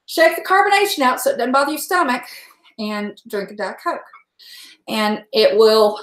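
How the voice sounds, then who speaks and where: A woman's voice: a little high, sing-song, normal speed, fairly bright tone. A woman chatting casually while she cooks on a livestream. She rambles from one thing to the next and talks frankly, with a salty word here and there. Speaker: home cook livestreaming. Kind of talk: casual chat while cooking. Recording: echoey room.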